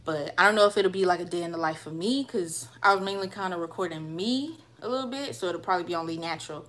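This hair vlogger talks quickly in a lowish, fairly bright voice with a Southern Carolinas accent. Indoors at home, she reads live comments from viewers, chatting loosely and letting sentences trail into filler words.

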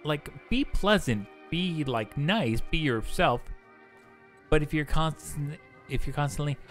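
A man's voice: medium pitch, unhurried, a bit bright, faint music behind. Blunt, swearing young man streaming a game. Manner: blunt, profane, rambling. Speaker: gaming streamer. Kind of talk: casual chat while gaming.

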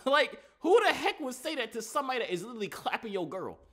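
A man's voice: sits high, fast talker, hardly any pauses. A man hosting a reaction video, talking in casual slang and mocking what he sees. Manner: slangy, animated, mocking, repeats "you know what I'm saying".

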